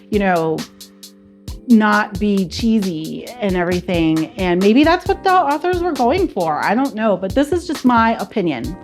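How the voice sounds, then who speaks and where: A woman giving a casual, candid spoken book review, chatty and prone to repeating herself. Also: medium pitch.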